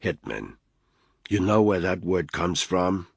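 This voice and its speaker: A man doing a quiet, guarded intelligence officer. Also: deep voice, big pitch swings, vocal fry, breathy edge, no echo, clean studio sound, heavily acted. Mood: calm, guarded. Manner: quiet, measured, lecturing. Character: cool, guarded older male intelligence officer.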